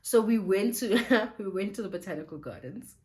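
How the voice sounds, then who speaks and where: A young woman tells her story straight to the camera, her pitch leaping up and down with every turn of it. She talks casually and emotionally, with laughter breaking in often. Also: lively intonation, normal speed, darkish tone. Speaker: vlogger.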